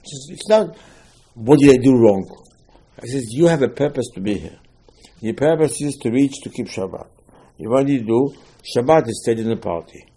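Guy giving a torah class, keeps asking himself questions, mellow husky voice. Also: medium pitch, animated, normal speed. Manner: emphatic, repetitive, asks and answers his own questions, broken English phrasing. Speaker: rabbi teaching Torah. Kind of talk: informal Torah lecture.

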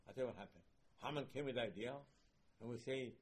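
Husky guy giving a torah class, mid pitched, lots of rhetorical questions. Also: fast talker. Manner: animated, rhetorical, mixing in Hebrew recitation. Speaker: rabbi teaching Torah.

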